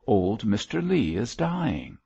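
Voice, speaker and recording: A man voicing a solemn, earnest young curate in an audiobook, speaking gravely. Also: on the low side, sing-song, slow pace, warm tone, dull audio, pitched above the performer's own voice, heavily acted.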